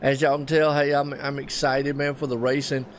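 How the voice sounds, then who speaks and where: A man from North Carolina with a Southern US accent, calling a live race in a chatty, excitable play-by-play that keeps turning to folksy asides to viewers. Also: medium pitch, normal speed, a little hiss or hum. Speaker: race commentator.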